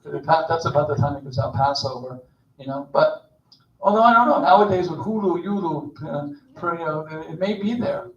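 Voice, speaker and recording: A man's voice: a little high, normal speed. An older man, a rabbi, giving an informal, joking sermon, telling the story with animation and acting out the characters' lines. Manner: storytelling, jokey, animated, acts out voices. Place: synagogue sanctuary. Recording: roomy, distant, dull recording.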